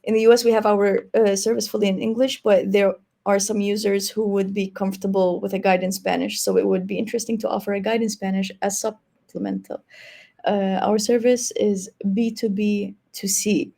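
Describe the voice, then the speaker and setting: A woman moderates a live webinar over a video call and passes along audience questions. Her voice has a gravelly edge and a mellow, relaxed tone. She talks casually, with many likes and you-knows. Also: mid-range voice, moderate pace. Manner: casual, filler-heavy, says 'like' and 'you know'.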